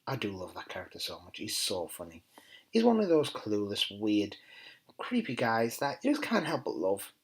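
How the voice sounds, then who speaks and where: A man talks through a TV episode in a casual, enthusiastic way. His voice swings up and down a lot and has a faintly husky grain. Now and then he mutters quieter asides. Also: on the low side, wildly swooping pitch, moderate pace, rough recording. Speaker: TV episode reviewer. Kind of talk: casual spoken review.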